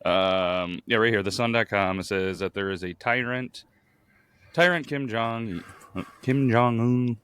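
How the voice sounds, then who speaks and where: Deep voiced guy on a podcast, dry close sound, chuckling and tripping over words. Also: steady tone, a little slow, fairly bright tone, clear, resonant tone, dry recording. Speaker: podcast co-host. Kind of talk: casual chat, reading news aloud.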